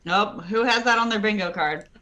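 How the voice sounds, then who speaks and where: A woman's voice: medium pitch, moderate pace, bright, forceful tone, slight background noise. A woman playing a tabletop game, joking and teasing the others. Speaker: player. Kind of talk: casual tabletop play.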